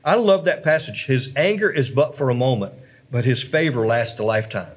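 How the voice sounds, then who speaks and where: A man's voice: mid-range voice, expressive, fairly quick, husky. A man, a pastor, chatting earnestly on a church livestream and reading viewer comments aloud. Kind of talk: casual church livestream chat.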